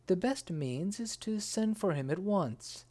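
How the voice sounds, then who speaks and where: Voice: mid-range voice, animated, unhurried, warm tone, voice pushed up. A reader voicing a scheming male grand vizier who urgently warns his king. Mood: urging.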